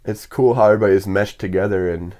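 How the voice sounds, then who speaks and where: Low-voiced young man chatting easily. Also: fast, dark tone. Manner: easygoing, chatty, filler-heavy. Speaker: podcast guest, film set worker. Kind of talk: casual conversation.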